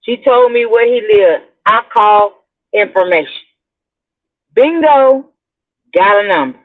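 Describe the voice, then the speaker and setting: A woman's voice: medium pitch, expressive, unhurried. Middle-aged woman rambling thru a story to her viewers, calls em y'all, sounds like a phone line. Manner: rambling, chatty, addresses listeners as y'all. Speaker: blogger host. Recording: tinny phone-like audio.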